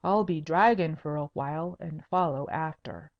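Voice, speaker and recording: A woman voicing a scheming nobleman who gives curt, low orders to his men, in an audiobook. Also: moderate pace, highs cut off. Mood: commanding. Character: scheming nobleman disguised as a dragon.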